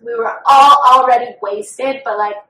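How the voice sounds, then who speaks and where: A woman's voice: a little high, fairly even intonation, normal speed, bright, forceful tone. A young woman co-hosting a podcast, talking in a candid, profane, oversharing way about her own life. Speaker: podcast co-host. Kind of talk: candid casual chat. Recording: roomy sound from a distant mic.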